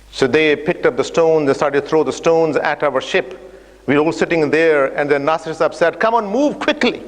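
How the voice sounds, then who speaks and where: A man delivers a storytelling lecture, describing an imagined journey and voicing the people he meets. His voice sits fairly high for a man, and he talks with frequent fillers. The long reverb of a large hall carries each phrase. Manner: imaginative journey narrative, acting out dialogue with hesitant fillers. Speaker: speaker giving an Islamic talk. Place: mosque or community centre hall.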